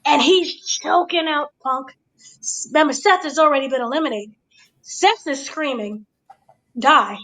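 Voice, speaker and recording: A woman hosting a casual review chat, giving an excited blow-by-blow recap and checking in with her listeners. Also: high-pitched, normal speed, low-quality recording. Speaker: podcast host.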